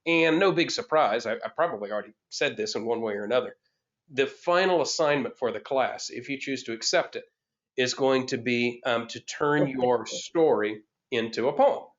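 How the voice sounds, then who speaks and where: A man's voice: medium pitch, moderate pace, highs cut off. A middle-aged man teaching a poetry class over a video call, thinking aloud with many fillers and restarts. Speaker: course instructor. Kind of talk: online class lecture.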